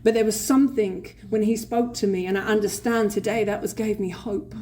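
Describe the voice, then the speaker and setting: A woman with a London accent telling her recovery story at a convention, blunt, swearing and animated. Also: medium pitch, a little fast. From England. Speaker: recovery speaker. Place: convention hall stage. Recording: faint room noise at a convention.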